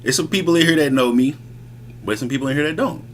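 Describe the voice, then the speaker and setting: A man's voice: fairly high pitch, quick pace, slight background noise. A man streaming live, talking casually and boastfully in slangy street talk. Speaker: streamer reacting to music. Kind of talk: casual livestream chat.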